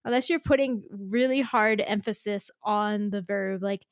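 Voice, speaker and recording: A woman's voice: medium pitch, a little fast, few pauses, no echo, studio quality. A woman hosting a podcast in casual chat. She laughs often and acts out quotes in exaggerated voices. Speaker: podcast host.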